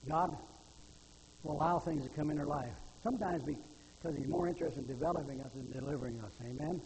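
An older male preacher with a high voice delivers a sermon in a church. He moves between homespun storytelling and fervent pleading. The sound carries a long hall reverb and a faint hum of background noise. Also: fairly quick, creaky, a little mellow. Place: church sanctuary.

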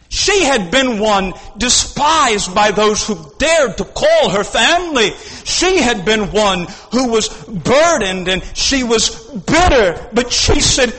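A male preacher delivering a fervent sermon at a church service, swinging between hushed and shouted lines. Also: sits high, animated, slow pace, husky, in a large hall.

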